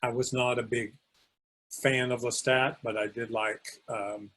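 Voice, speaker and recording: A man's voice: mid-range voice, flat delivery, measured pace, fairly bright tone, a little hiss or hum. Meandering, thoughtful podcast man. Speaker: podcast co-host. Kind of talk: casual film discussion.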